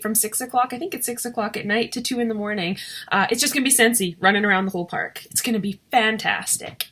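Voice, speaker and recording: Woman vlogger, slightly high voice, shaky and teary, rambling with fillers and restarts. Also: sharp tone. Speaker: direct sales consultant vlogger. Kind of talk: casual emotional vlog to camera.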